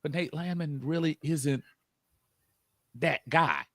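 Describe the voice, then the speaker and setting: A man's voice: fairly high pitch, slow pace, no echo, studio quality. A man co-hosting a casual sports talk show, rambling with many restarts and laughing easily. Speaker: co-host.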